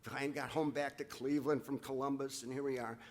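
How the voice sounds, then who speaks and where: A man's voice: mid-range voice, steady tone. A man delivers a heartfelt ceremony speech to an audience. He is emotional, with his voice catching, and often stops to restart his sentences. He keeps calling the crowd folks. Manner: halting, with frequent restarts, addresses the crowd as folks. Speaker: ceremony speaker presenting an inductee.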